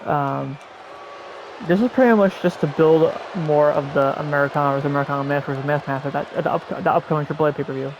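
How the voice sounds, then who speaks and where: A man's voice: a little high, fast, highs cut off, background noise. A man hosting a podcast, rambling through a casual wrestling recap with many restarts and repeated words. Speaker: podcast host.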